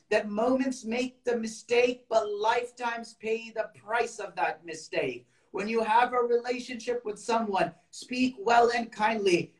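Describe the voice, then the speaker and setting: Man preaching in an echoey room. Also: sits high. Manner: quick Quran recitation between plain storytelling; casual, conversational storytelling. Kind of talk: sermon. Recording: echoey room, mic at a distance.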